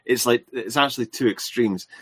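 A man's voice: mid-range voice, normal speed, breathy edge, no room sound. A man in casual chat, agreeing and musing with some hesitation. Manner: agreeable, hesitant, with fillers and restarts.

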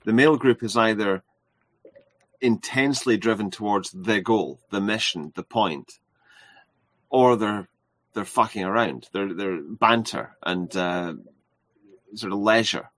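Agreeable low-voiced man in chat. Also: measured pace, long pauses, a bit bright, no room sound. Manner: agreeable, hesitant, with fillers and restarts. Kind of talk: casual chat.

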